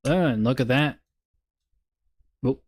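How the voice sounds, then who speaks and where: Brief: male stream host, unhurried, mid-pitched, casual market chatter. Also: a little mellow. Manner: laid-back, muttering, bursts of swearing laughter.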